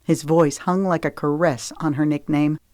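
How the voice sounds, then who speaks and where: Low-voiced woman narrating an audiobook. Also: fairly even intonation, moderate pace, darkish tone, no room sound, studio quality.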